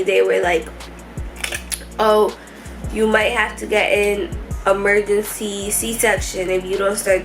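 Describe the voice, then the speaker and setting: A young woman telling her hospital story to camera in a casual vlog, emotional and rushed, with many fillers. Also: medium pitch, low-quality recording. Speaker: vlogger. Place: hospital room.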